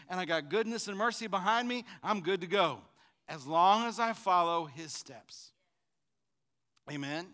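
High, bright-voiced preacher man. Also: lively intonation, normal speed. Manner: call-and-response preaching, swinging from shouts to quiet asides. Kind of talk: sermon.

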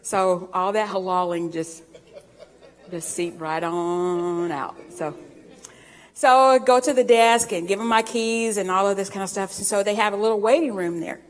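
A woman's voice: mid-range voice, measured pace, big-room sound. A woman preaching a sermon in a folksy storytelling way, laughing often and drawing out scripture readings.

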